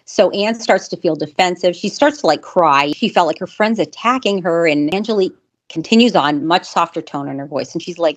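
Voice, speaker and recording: A woman's voice: fairly low pitch, fairly quick. A woman casually telling a true story, chatty, with lots of fillers and restarts.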